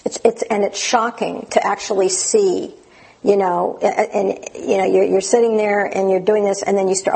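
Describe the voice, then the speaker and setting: Gravelly, husky woman giving a dharma talk. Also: medium pitch, fairly even intonation, rough recording. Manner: gentle, unhurried, with many fillers and restarts. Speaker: meditation teacher.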